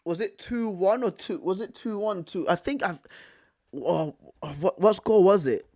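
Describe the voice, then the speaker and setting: Slangy young man, higher voice. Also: measured pace. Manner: slangy, excitable, repeats himself with bro and fam. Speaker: streamer. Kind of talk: casual live commentary reacting to chat.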